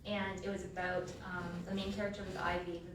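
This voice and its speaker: A woman's voice: on the low side, little pitch movement, a little fast, distant mic. Chatty woman giving a eulogy in an echoey hall. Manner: chatty, casual storytelling with filler words. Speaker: eulogist, sister of the deceased. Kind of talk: eulogy told as funny personal stories. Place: funeral home chapel. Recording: echoey hall, voice from afar, room noise.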